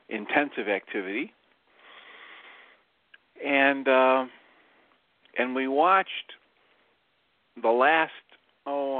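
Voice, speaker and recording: A man calling in to a radio show and giving a relaxed report on a group meeting, with many fillers. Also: lowish voice, no room sound. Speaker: regular caller, group leader. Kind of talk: casual call-in report. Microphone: phone. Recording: dry phone-line audio.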